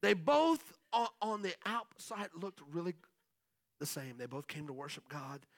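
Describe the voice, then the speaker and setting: A man's voice: a little high, big pitch swings, measured pace, no room sound. A middle-aged man preaching a sermon as the pastor, chatting with the congregation and calling out to them for answers. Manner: conversational preaching with audience call-outs.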